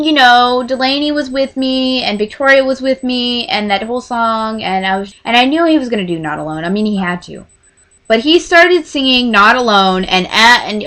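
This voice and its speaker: A woman in her twenties telling a rambling, excitable storytime to camera in casual chat. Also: mid-range voice. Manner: rambling, excitable, gushing fan. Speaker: vlogger.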